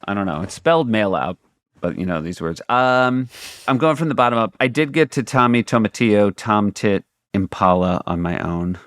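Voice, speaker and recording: A man's voice: on the low side, expressive, moderate pace, fairly bright tone, dry recording. A man co-hosting a podcast, chatting casually with dry, wry humor. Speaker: podcast co-host. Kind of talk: casual chat.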